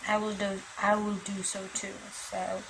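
A woman's voice: mid-range voice, monotone, unhurried. A woman hosting a reaction video, chatting in a bemused way and talking straight to her viewers. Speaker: reaction channel host. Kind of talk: casual reaction commentary. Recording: clear background noise.

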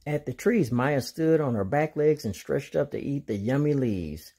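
A man reads a children's picture book aloud in an expressive storytime manner. His voice is slightly husky with a mid pitch, and his intonation rises and falls lively. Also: moderate pace. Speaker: storytime reader.

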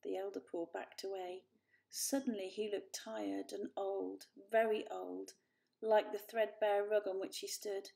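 Woman, storyteller, children's book, calm measured narration, gravelly. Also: mid-range voice. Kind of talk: reading a children's book aloud.

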